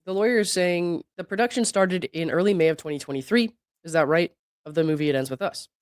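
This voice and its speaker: Reading out a legal deposition with commentary, a sick host whose voice isn't at its best quotes each side evenly, then interjects with skeptical remarks and laughs. He's a fast talker with a mid-range voice, captured in a dry, close recording with no room sound.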